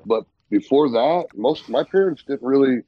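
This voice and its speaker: A man's voice: mid-range voice, expressive, moderate pace, no echo, lo-fi sound. A man co-hosting a podcast, casually telling easygoing stories from his past. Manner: easygoing, nostalgic storytelling. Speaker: podcast co-host.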